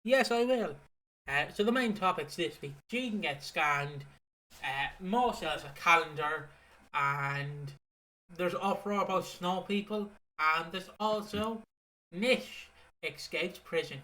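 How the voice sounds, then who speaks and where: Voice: mid-range voice, slow pace. A podcast co-host, casually recapping a soap opera in a rambling, swearing chat. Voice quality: bright, rambling with fillers and swearing.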